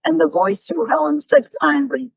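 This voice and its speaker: Animated older woman with gravelly voice. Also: high-pitched, moderate pace, dry recording. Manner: animated, acts out dialogue in stories. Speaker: guest speaker. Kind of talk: storytelling talk with Q&A. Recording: dull, lo-fi dry recording.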